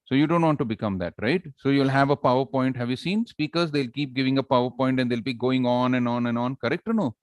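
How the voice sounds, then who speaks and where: A man's voice: medium pitch, quick pace, few pauses, no echo. A man giving a public speaking workshop, playful and quizzing his audience as he demonstrates. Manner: lively, playful, talks to the audience with questions and demonstrations. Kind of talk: live workshop talk.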